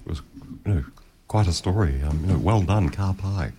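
A man's voice: low voice, normal speed, noisy background. A man hosting a community radio recovery meeting, hesitant, with many ums. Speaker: radio show host.

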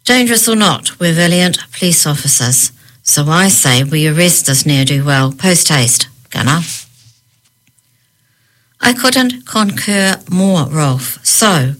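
Pompous formal cops, slow and puffed up, woman doing the voices. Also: on the low side, a bit bright. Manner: pompous, drawn-out formal speech. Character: pompous bumbling policemen, overly formal.

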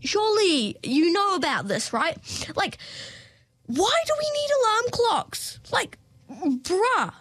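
A woman's voice: sits high, a bit bright, dry recording. A young woman, hosting a podcast in a playful, chatty comedic monologue full of fillers and jokey asides. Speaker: podcast host.

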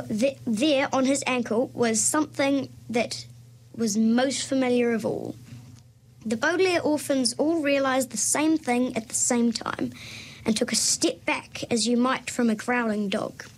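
A woman reading aloud from a children's novel as a guest reader, in a relaxed way with small restarts and self-corrections. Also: sits high.

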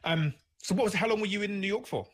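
A man's voice: high voice, fast talker. A man hosting a casual conversational interview, rambling with many restarts and filler words. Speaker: podcast host.

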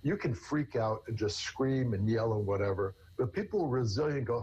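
A man's voice: medium pitch, expressive, fairly quick, darkish tone, slightly rough, poor audio. A man, a therapist, explaining in conversation with everyday examples in an earnest way. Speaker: therapist guest. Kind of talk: conversational interview answers.

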